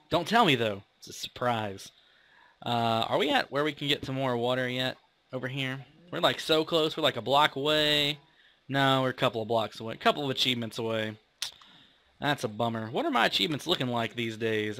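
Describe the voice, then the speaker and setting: A man's voice: mid-range voice, sharp tone. A young man hosting a casual gaming video, rambling and chatty as he plays and pokes fun at himself. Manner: rambling, chatty, self-mocking. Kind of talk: casual let's-play commentary.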